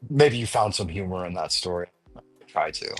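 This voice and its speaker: A man with a low voice hosts a casual live stream chat. He rambles playfully and often restarts his sentences, with faint music playing underneath. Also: animated, moderate pace. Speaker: live stream panel host.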